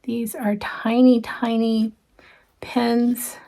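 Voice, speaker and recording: Slow, gravelly-voiced woman showing crafts. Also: a little high, level tone. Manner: chatty, gushing, with frequent ums and soft asides. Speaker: cross-stitch vlogger. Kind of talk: casual show-and-tell chat.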